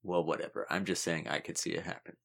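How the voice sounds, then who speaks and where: A man co-hosting a podcast in casual banter, joking, swearing and boasting with deadpan mock seriousness. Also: low voice, fast, creaky, husky. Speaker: podcast co-host.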